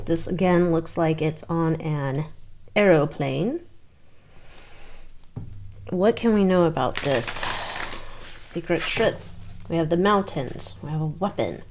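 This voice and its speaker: A woman's voice: low-pitched, slow, pauses often, darkish tone, a little hiss or hum. A woman reading tarot cards on her channel, thinking aloud in a loose, chatty way and swearing now and then. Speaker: tarot reader. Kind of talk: casual tarot reading monologue.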